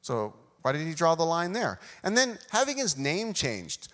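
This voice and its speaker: A man's voice: on the high side, huge pitch swings, moderate pace, fairly bright tone. A man preaching a sermon, telling a self-deprecating personal story and acting out the dialogue. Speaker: pastor. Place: church sanctuary. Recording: long hall reverb.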